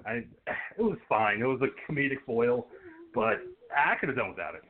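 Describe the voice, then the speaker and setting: A man co-hosting a podcast, casually picking apart a film in a profane, animated way and acting out scenes. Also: mid-range voice, normal speed. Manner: animated, profane, acts out characters. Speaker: podcast co-host. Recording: phone-like narrow audio.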